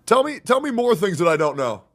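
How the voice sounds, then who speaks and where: A man giving a subdued, halting statement on stream. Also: high voice, big pitch swings. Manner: subdued and halting, then loud sarcastic outbursts.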